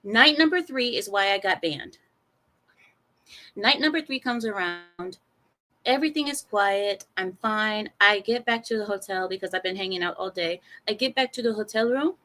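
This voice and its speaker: A young adult woman recounts a personal story straight to her audience in a lively storytime monologue. Her pitch sits in the middle, and she slips into quoted voices whenever the other people speak. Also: normal speed. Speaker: vlogger telling a personal story.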